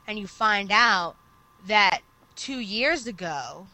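A woman co-hosting a casual podcast, retelling an anime plot at length in an animated storytelling manner. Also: medium pitch, slow, no echo, rough recording. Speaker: podcast co-host. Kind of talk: casual chat.

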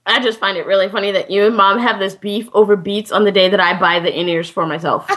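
A woman's voice: mid-range voice, lively intonation, moderate pace, fairly bright tone. A woman co-hosting a casual gaming podcast, teasing and joking in a dry way. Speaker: podcast co-host.

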